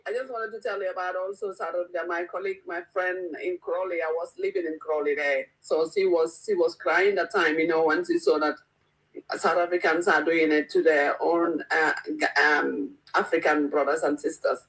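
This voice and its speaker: A woman's voice: fairly low pitch, steady tone, normal speed, fairly bright tone, poor audio. A woman on a talk show panel, telling stories in a chatty way and mixing English with local language.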